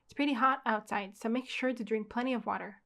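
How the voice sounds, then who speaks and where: A young woman reading the lines of a kind, caring mother who speaks gently with a light tease. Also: on the high side, fast. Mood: gentle.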